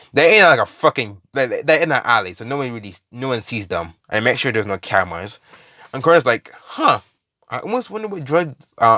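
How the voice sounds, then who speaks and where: Brief: guy rambling through a fan story, medium pitch, dry close sound, plenty of ums and swearing. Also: fairly bright tone, no echo. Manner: rambling, with many fillers, restarts and swearing. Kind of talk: casual retelling of a fan story.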